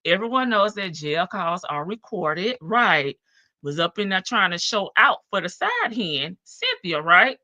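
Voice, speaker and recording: A woman's voice: medium pitch, very animated, a little slow, pushed and bright, no room sound, dull audio. A woman hosting a live stream, giving sassy casual commentary on jail calls and answering chat. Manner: sassy, talks back to chat, laughs often.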